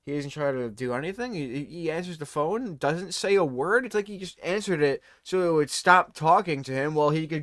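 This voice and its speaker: A man's voice: on the high side, sing-song, a little fast, hardly any pauses, a bit bright, no echo, studio quality. A tired man hosting his own show, telling a rambling comic story and cutting himself off as he laughs along. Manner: rambling, self-interrupting, laughing through his stories. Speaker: host. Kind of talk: casual comedic storytelling monologue.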